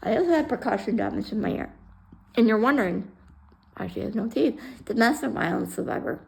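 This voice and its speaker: Gravelly, animated woman telling a blunt story. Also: fairly high pitch, a little fast. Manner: blunt, swears freely, acts out other people's lines. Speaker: vlogger telling her own story. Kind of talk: casual storytelling to camera.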